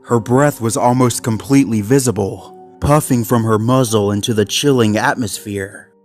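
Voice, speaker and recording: A man reading a horror fan story aloud in a measured, ominous way. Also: fairly low pitch. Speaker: narrator. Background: faint background music.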